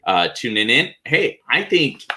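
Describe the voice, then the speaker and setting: A man hosting a podcast in a relaxed, casual chat, laughing often and using many fillers. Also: medium pitch, a little slow. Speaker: podcast host.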